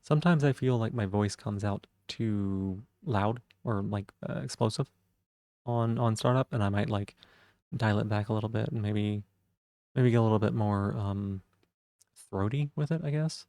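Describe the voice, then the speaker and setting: A man with vocal fry, musing thoughtfully in casual live-stream chat. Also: lowish voice, moderate pace, warm tone, no room sound, studio quality. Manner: thoughtful, musing, self-reflective.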